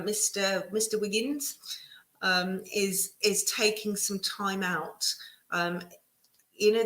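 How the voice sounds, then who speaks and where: A woman giving a casual live tarot reading, reassuring and chatty with many pauses and restarts. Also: medium pitch, a bit bright, a little hiss or hum. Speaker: tarot reader. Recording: echoey room.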